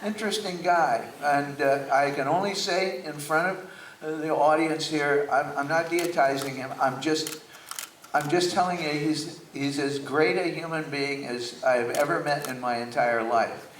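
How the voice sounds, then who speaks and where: A man's voice: a little high, fairly even intonation, a little slow, a little hiss or hum. A man telling stories about his father on stage before an audience, talking with frequent restarts. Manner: reminiscing, warm storytelling with restarts. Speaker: guest speaker. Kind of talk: onstage talk with a live audience. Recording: echoey theater, mic from a distance.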